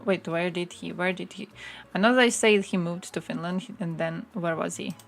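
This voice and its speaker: A young woman from Croatia talks casually on her live stream, reacting to what she reads. She is sarcastic and swears freely. Her voice sits a little low for a woman. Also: fairly even intonation, normal speed, gravelly, soft background music.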